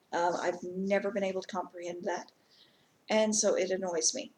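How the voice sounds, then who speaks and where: A woman's voice: on the low side, level tone, normal speed, a little mellow. A woman vlogger telling a casual story time, chatty and rambling, with many ums and asides.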